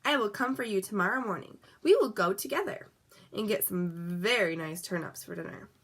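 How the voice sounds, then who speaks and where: Woman doing a sly booming wolf. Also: breathy edge. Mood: coaxing. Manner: slow, drawn-out, booming threats. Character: sly hungry male wolf, scheming. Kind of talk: storybook read-aloud.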